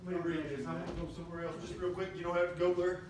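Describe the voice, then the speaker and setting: A man preaching a sermon as a guest pastor, fiery and rising to shouts and whoops. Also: fairly high pitch, little pitch movement, racing, noisy background. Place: church sanctuary. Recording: roomy church from far off.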